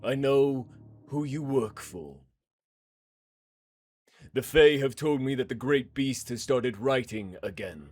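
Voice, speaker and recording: A game master putting on a big, cold-blooded man who talks flatly and without a hint of regret, his voice sitting at an ordinary pitch. He speaks slowly and evenly, with soft music faint behind him. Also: no room sound. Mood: cold, calm. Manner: flat, unrepentant, measured. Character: large cold-blooded man, calm and menacing.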